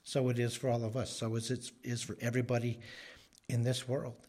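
Man, preacher, husky voice, emphatic sermon delivery, acts out the quoted lines. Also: mid-range voice, level tone, fairly quick, darkish tone. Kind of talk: expository sermon.

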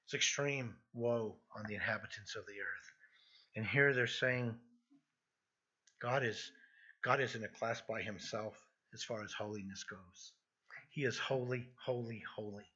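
A man's voice: lowish voice, measured pace, pushed and bright, breathy edge, dull audio. A man preaching an earnest expository sermon, emphatic and prone to restarting his phrases. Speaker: pastor.

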